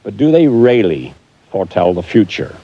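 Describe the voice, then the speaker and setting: A man presenting a documentary, telling a story calmly with dry understatement. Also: lowish voice, moderate pace, background noise. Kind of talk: measured storytelling to camera. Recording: slightly dull documentary audio.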